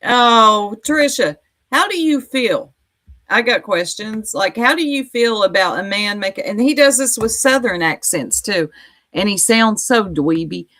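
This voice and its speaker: A woman's voice: medium pitch, lively intonation, a little slow, fairly bright tone. A woman with an Appalachian American accent, chatting as a co-host in a teasing way and laughing often. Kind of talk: casual podcast chat.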